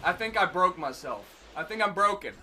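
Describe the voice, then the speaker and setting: Excitable, high-voiced young man commentating gameplay. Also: brisk, a little hiss or hum. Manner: excitable, melodramatic, self-mocking. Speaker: gaming commentator.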